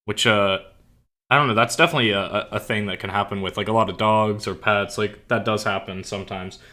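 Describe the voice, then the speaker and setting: A man's voice: lowish voice, steady tone, fairly quick, sharp tone. A man streaming and chatting casually, rambling with lots of "like" fillers and self-corrections.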